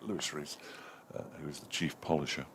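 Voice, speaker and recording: A man's voice: a bass voice, steady tone, fairly quick, a bit bright, slight background noise. A man giving live ball-by-ball cricket commentary from a commentary box, lifting his voice to call the runs.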